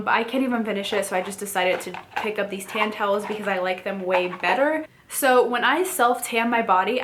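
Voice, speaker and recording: A woman's voice: a little high, fairly bright tone. A young woman chatting casually in a beauty haul vlog, filling her talk with "like" and "um". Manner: chatty, frequent "like" and "um" fillers. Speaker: beauty vlogger.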